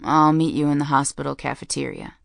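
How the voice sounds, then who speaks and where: A woman's voice: deep voice, steady tone, a little fast, dry recording, clean studio sound. A woman voicing a guarded young adult man who speaks tersely with a growl. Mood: wary. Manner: gruff, terse.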